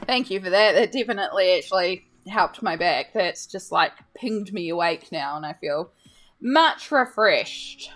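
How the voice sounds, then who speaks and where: A woman's voice: lowish voice, moderate pace, few pauses, a bit bright. A woman, chatting casually with viewers on a live stream while she colours, greeting and thanking them by name. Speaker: art streamer.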